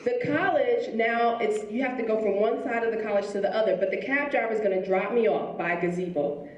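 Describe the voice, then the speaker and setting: A woman telling a lively story in a motivational speech to a school audience, acting out the people she met. Her voice sits a little high. She is heard from the audience, far from the mic, in a roomy, echoing hall. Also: brisk, muffled recording, a little hiss or hum. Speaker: school principal giving a speech. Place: school auditorium.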